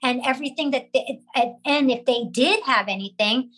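A woman's voice: high voice, normal speed, a bit bright, slightly rough, rough recording. A woman, a working actress, speaking as a podcast guest in a candid, reflective way. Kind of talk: casual interview chat.

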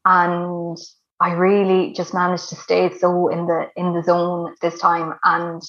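A woman's voice: lowish voice, completely flat delivery, slow, a bit bright. A woman, telling her birth story in a chatty way full of fillers. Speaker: guest sharing a birth story. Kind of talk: casual storytelling. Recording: dull lo-fi recording.

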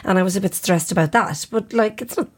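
A woman's voice: medium pitch, fast, slightly rough. An Irish woman in casual chat, teasing and blunt with her friends.

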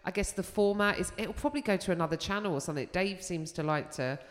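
London woman comic, lowish voice, anecdotal and salty, long hall reverb. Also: fast talker. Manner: lively anecdotes with swearing. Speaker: comedian guest. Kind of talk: live talk show chat.

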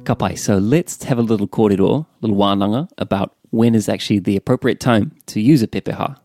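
Kiwi male co-host, lowish warm voice, quiet learner, dry recording. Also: fairly quick, soft background music. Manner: soft murmured acknowledgments, quiet questions. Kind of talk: relaxed podcast lesson.

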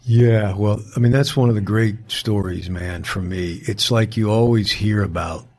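A man being interviewed as an actor guest, telling an animated story in a casual way, quoting the people in it and restarting his sentences often. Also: lowish voice, moderate pace.

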